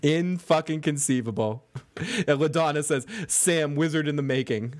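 A man's voice: fairly high pitch, moderate pace. A man co-hosting a casual recap podcast, swearing freely, laughing often and reading listener comments aloud. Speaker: podcast co-host.

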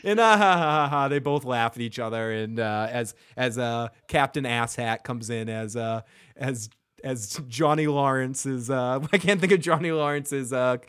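A man's voice: medium pitch, unhurried, a bit bright, clear, resonant tone. A man hosting a podcast who recaps a TV episode in casual chat, acting out scenes and swearing freely. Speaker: podcast host.

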